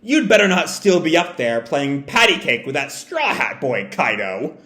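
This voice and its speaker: A man's voice: on the high side, big pitch swings, moderate pace, sharp tone. A man voicing a huge, gloating old female pirate queen with a cackling laugh, in an echoey room. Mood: weary scorn.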